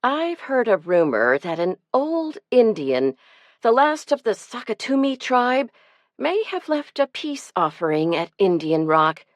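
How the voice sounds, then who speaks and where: A woman's voice: on the high side, big pitch swings, a little slow, no room sound, pitched above the performer's own voice. A woman voicing a cheerful young mother who leads a group of scout boys, speaking in an enthusiastic, teasing way. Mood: playful. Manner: bright, playful and enthusiastic.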